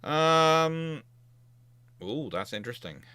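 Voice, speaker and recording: Brisk emphatic man, bright and dry. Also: a little high, animated, clean tone, dry recording. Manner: chatty, emphatic, thinks aloud with restarts. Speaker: naval history livestream host. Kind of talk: casual livestream Q&A.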